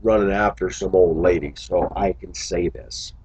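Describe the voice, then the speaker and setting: A man's voice: deep voice, fairly even intonation, moderate pace, darkish tone, slightly rough, poor audio. A man talking to his viewers in a casual vlog monologue, musing aloud and breaking into exclamations. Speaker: vlogger.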